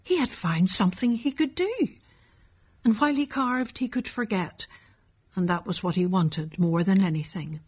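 Husky woman reading a story. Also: mid-range voice, normal speed, a little mellow. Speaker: narrator. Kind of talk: storybook narration.

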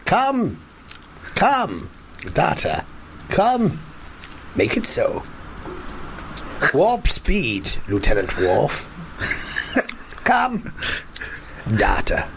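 A man voicing a lonely, lovesick male starship captain in a theatrical, breathy parody. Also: on the high side, huge pitch swings, extremely slow, long pauses, background noise, exaggerated voice.

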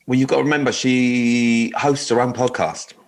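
A man's voice: mid-range voice, fairly even intonation, normal speed. A young man hosting a casual radio dating show, rambling and jokey, often laughing.

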